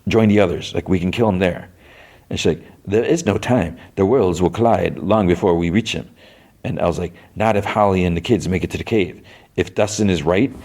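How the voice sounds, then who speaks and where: A man's voice: deep voice, darkish tone. A man hosting a podcast, casually retelling a show's scenes, quoting characters with loose voice shifts and sarcastic asides. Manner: quotes characters with loose voice shifts, many fillers like "like". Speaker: podcast host recapping a series.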